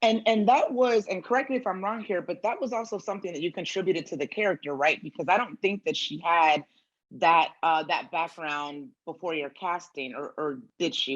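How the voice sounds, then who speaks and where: A woman interviewing an actor, encouraging and affirming, who asks long, thoughtful questions. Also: sits low. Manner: warm and encouraging, gives frequent affirmations. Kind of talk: conversational interview. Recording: slightly dull, muffled audio.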